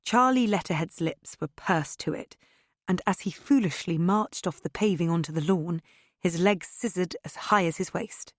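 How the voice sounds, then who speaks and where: Fields: Sex: woman. Role: audiobook narrator. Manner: wry, first-person. Pitch: lowish. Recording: dry, close. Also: moderate pace, dry recording.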